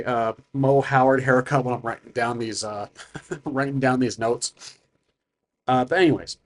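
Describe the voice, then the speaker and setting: Man, solo tabletop game player, casual rambling, lots of fillers, mid pitch. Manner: rambling, many fillers and tangents.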